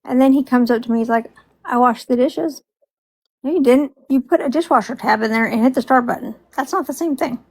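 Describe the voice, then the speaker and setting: A woman's voice: high voice, quick pace, hardly any pauses, a little mellow, low-quality recording. A woman co-hosting a live stream, chatting casually and frankly teasing about her partner's chores. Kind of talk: casual chat.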